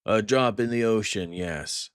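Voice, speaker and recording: A man voicing a jovial, cruel male French crime boss who talks with theatrical mock warmth. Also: on the low side, unhurried, smooth, no room sound, studio quality, voice pushed up, lightly acted. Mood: gloating. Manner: mock-warm, theatrical, gloating.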